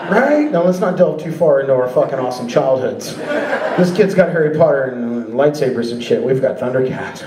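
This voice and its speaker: Shouty, profane stand-up comic in a club. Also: male voice, a little high, moderate pace, over a noisy crowd, heavy background noise. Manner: animated, profane storytelling that bursts into shouting. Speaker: stand-up comedian. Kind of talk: stand-up comedy set. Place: comedy club stage with a laughing audience. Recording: roomy live club recording from a distance.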